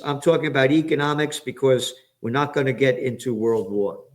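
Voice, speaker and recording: A man's voice: mid-range voice, fairly quick. A man from the Bronx, hosting ranting political commentary in a profane, sarcastic, heated way, jumping from topic to topic. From the Bronx, New York. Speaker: commentator and host.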